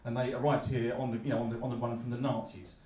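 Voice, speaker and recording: Cockney man, stand-up comic, quick patter, slightly high voice, roomy club sound, audience laughter behind. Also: distant mic. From London. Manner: deadpan, mock-glum delivery with rising shouted punchlines. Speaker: stand-up comedian. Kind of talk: stand-up comedy set. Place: comedy club stage. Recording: echoey club, heard from afar.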